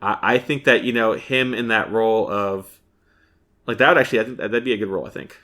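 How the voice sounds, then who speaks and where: A man's voice: fairly low pitch, steady tone, a little fast, sharp tone. A man as a podcast guest in casual chat, easygoing and a bit hesitant. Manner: easygoing, explains picks with some hesitation.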